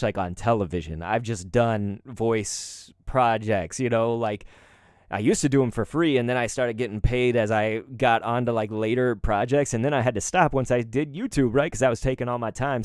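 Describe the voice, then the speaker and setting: A man's voice: lowish voice, darkish tone, clean tone, dry recording, clean studio sound. A man with a cold, chatting and rambling casually to viewers on a live stream. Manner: rambling, chatty, chuckling asides. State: congested and sore-throated from a cold. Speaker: streamer and voice actor.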